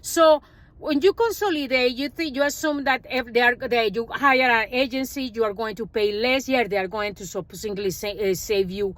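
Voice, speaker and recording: A woman speaking English as a second language, her first being Spanish, telling an animated personal finance story in a casual vlog and acting out what others said. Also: fairly high pitch, normal speed, no room sound. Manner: animated storytelling, acts out quoted dialogue, non-native grammar.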